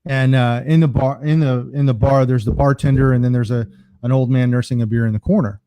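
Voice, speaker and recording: Guest brand strategist, man, animated storyteller, mellow and warm, dry close sound. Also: mid-range voice, brisk, dry recording. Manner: animated storyteller, jokes around. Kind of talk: casual podcast interview.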